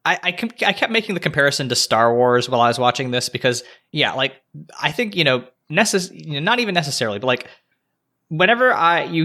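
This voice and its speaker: Man, podcast co-host, bright voice, relaxed rambling casual chat. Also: mid-range voice. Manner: relaxed storytelling, many fillers and restarts.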